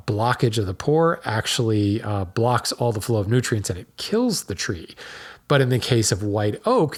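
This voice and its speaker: A man hosting a solo podcast, talking casually and explaining things with plenty of ums and self-corrections. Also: mid-range voice. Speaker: podcast host.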